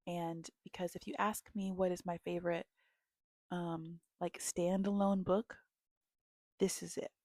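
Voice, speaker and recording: A young woman sits close to the mic in a dry, dead-sounding room, talking about books she loves. She takes her time, goes animated when the story grips her, and sometimes sinks into a hushed whisper. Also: lowish voice, measured pace, no room sound. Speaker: book vlogger. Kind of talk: casual book recommendations.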